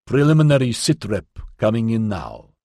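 A man doing a clipped, flat starship officer. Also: lowish voice, normal speed, no echo, clean studio sound. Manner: flat, clipped, without emphasis. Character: clipped, emotionless male starship weapons officer.

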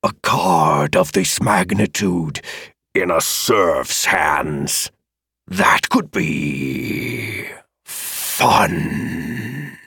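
A man voicing a huge menacing male dragon in an audiobook, with a deep, gravelly, rumbling voice and slow, drawn-out threats. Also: expressive, bright, forceful tone, dry recording, studio quality, heavily acted. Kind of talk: audiobook character voice.

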